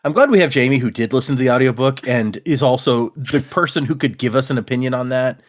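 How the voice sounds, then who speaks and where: A man's voice: mid-range voice, quick pace. A man hosting a podcast in casual chat, animatedly retelling the story with laughs. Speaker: podcast host.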